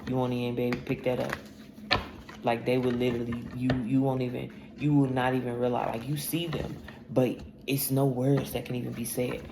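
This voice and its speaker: Woman tarot reader, gravelly and blunt, profane, in an echoey room with steady noise behind her. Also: rumbling low, fairly quick. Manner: blunt, profane, emphatic storytelling. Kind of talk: casual spiritual reading monologue.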